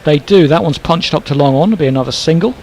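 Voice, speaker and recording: With a Northern Irish accent and a slightly high, mellow voice, a man provides live cricket commentary, briskly describing each ball and swapping dry banter in between. The recording quality is low.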